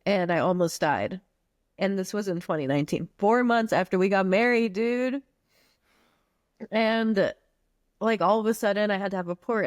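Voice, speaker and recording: A woman's voice: mid-range voice, dry recording, clean studio sound. A woman from the U.S. Virgin Islands, a podcast guest telling a personal story in a candid, casual and slangy way.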